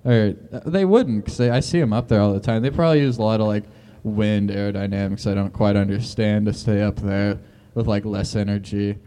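A man doing a deliberately awkward stand-up bit, stammering, rambling and over-explaining every joke. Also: lowish voice, steady tone, mellow, slight background noise. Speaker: comedian guest.

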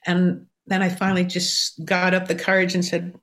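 Older woman telling lively stories. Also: fairly low pitch, normal speed. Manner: animated, lively anecdotal storytelling. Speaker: songwriter guest. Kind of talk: storytelling interview answers.

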